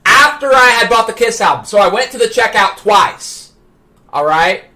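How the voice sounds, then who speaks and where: A man with a high, tense and bright voice tells a story on his live stream. He gets excited, trips over his own words, and climbs toward shouting as the story builds. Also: normal speed. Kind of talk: animated anecdote telling.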